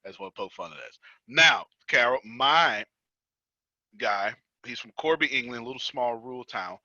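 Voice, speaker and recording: A man's voice: mid-range voice, lively intonation, normal speed, sharp tone, no echo, lo-fi sound. An American man hosting a business coaching call, chatting casually, teasing his group, laughing often and repeating himself for emphasis. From United States. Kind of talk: casual teaching chat.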